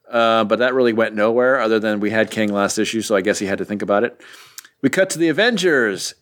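A man's voice: medium pitch, fairly bright tone. Joking man rambling through a recap. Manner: joking, rambling, many fillers. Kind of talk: casual comic book recap.

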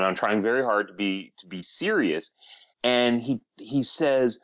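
A man's voice: medium pitch, a little slow, dry recording. Man telling a funny story, dry lo-fi. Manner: animated anecdote with laughs and quoted voices. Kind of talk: casual storytelling on a podcast.

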